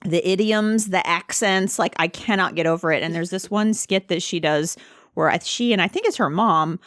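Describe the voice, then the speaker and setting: A woman's voice: on the low side, moderate pace, a bit bright, no room sound, studio quality. A woman co-hosting a podcast, telling stories in casual chat and laughing through her words. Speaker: podcast co-host.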